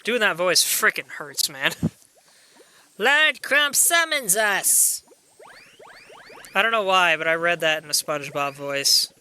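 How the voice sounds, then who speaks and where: A man's voice: fairly high pitch, normal speed, few pauses, bright, forceful tone, clean tone. A man commentating on his own video game playthrough in a chatty, casual way, sometimes reading the on-screen text aloud. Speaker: gameplay commentator. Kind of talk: let's play commentary.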